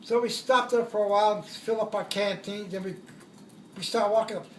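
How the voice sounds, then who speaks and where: A man's voice: sits high, steady tone, a little fast, fairly bright tone, reverberant, distant mic, a little hiss or hum. An older man, a war veteran, tells his stories in a rambling way, correcting himself as he goes and chuckling at his own jokes. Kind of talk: oral history storytelling.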